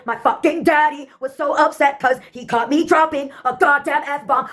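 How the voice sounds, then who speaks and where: High-voiced woman, sardonic spoken word. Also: steady tone, normal speed, hardly any pauses, a bit bright. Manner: profane, rambling, sardonic.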